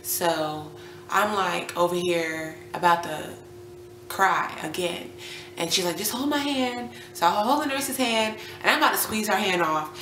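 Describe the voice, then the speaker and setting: A woman's voice: on the low side, a little slow, slight background noise. Young woman telling a story in an echoey room. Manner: animated, reenacts quotes, drops to near whisper at times. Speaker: vlogger, new mother. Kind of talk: casual storytelling to camera. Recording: echoey room with faint ambience.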